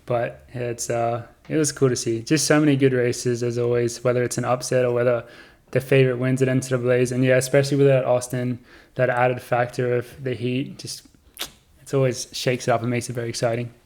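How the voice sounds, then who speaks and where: A man's voice: medium pitch, brisk. Easygoing young man hosting a podcast. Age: young adult. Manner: relaxed, rambling, with restarts. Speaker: podcast host. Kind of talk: casual chat.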